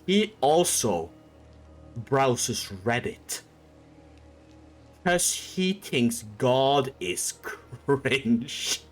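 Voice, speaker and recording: Young male streamer, rambling and animated, faint music under him. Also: mid-range voice, extremely slow, long pauses. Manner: rambling, heavy on filler words and swearing. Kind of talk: comedic casual retelling.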